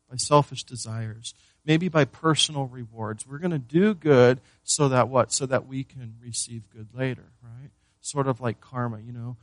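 A man's voice: medium pitch, a bit bright, no room sound. A man preaching a sermon as pastor, earnest, often repeating words and asking the listeners questions.

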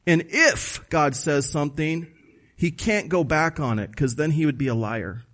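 A man's voice: on the high side, unhurried, a bit bright. A man preaching a sermon, emphatic and conversational, asking the listeners questions and reading scripture aloud. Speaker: pastor.

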